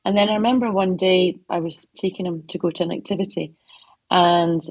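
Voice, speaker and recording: Her voice is on the low side and husky, with fairly even intonation and a slightly quick pace, captured in a dry recording. She is a middle-aged author interviewed at her home office, sharing heartfelt stories and quiet asides in conversational answers.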